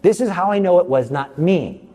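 Animated male speaker in a reverberant hall. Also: moderate pace. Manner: animated, jumps high for quoted lines; self-mocking humor. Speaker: Catholic speaker. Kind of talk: storytelling talk.

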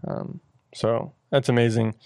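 A man co-hosting a casual talk about faith, earnest and halting, with many restarts. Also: medium pitch, little pitch movement, creaky, a little mellow, no echo. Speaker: podcast co-host.

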